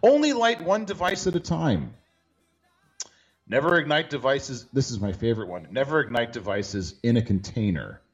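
A man's voice: medium pitch, lively intonation, normal speed, highs cut off, faint music behind. A man hosting a podcast, joking in a dry, sarcastic way in casual chat. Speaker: podcast host.

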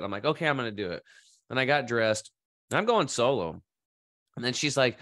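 A man's voice: on the low side, animated, brisk, sharp tone, dry recording, clean studio sound. A middle-aged man from Oregon casually telling a rambling, enthusiastic story in a vlog and acting out quoted voices. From Oregon, USA. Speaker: vlogger in the health industry.

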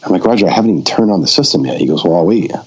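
A man's voice: low voice, very fast, breathy edge, muffled recording. A man, a documentary filmmaker on a podcast, tells a story casually and acts out the people he quotes. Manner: animated, acts out quoted dialogue.

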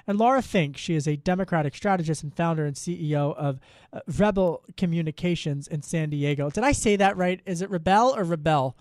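A man's voice: a little high, fairly quick, a little mellow, dry recording, clean studio sound. A man anchoring a live news segment, chatty and self-deprecating, with many restarts.

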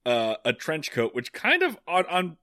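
Bright-voiced wry man recapping an episode. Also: fairly high pitch, unhurried, dry recording, clean studio sound. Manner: wry, deadpan, profane humor. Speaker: podcast co-host. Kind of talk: casual episode recap chat.

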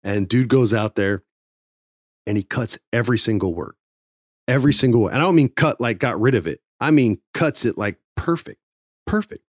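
Animated man telling a story, dry sound. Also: medium pitch, moderate pace, no echo. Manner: animated, swears freely, acts out quotes. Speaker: former wrestling TV writer. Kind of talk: casual storytelling.

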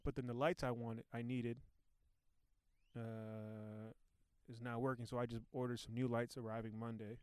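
A man's voice: mid-range voice, level tone, moderate pace, a little mellow, smooth, no echo. A man hosting a casual comedy podcast from home, rambling and joking on a new microphone. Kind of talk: casual chat.

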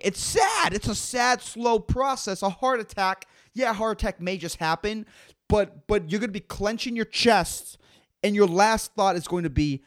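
A man's voice: high voice, sing-song, brisk, a bit bright. A young man hosting a casual solo podcast, rambling and swearing emphatically as he rants. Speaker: podcast host.

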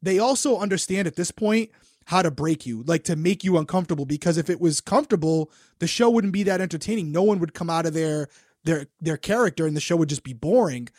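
A man's voice: on the high side, fast, darkish tone, no echo, clean studio sound. A man hosting a casual chat who speaks in an earnest, reflective way. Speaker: podcast host.

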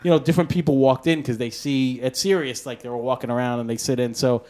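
A man being interviewed, telling a long story in a casual, animated way, swearing freely and acting out what other people said. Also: medium pitch, quick pace. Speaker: podcast network founder being interviewed.

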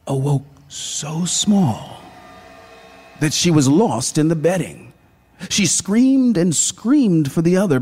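Slow, breathy male storyteller. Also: high voice. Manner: slow, hushed, dramatic. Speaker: narrator. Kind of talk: literary story reading.

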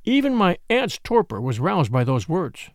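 A man reading an audiobook as narrator, in an expressive, theatrical manner. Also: high voice, moderate pace, no echo, clean studio sound. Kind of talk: scripted narration.

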